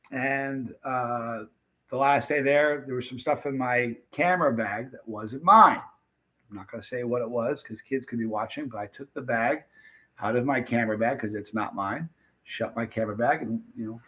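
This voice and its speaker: A man's voice: mid-range voice, a bit bright, muffled recording. A man from the United States hosting a live stream, telling a rambling story in a chatty way and talking straight to his viewers. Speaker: livestream host.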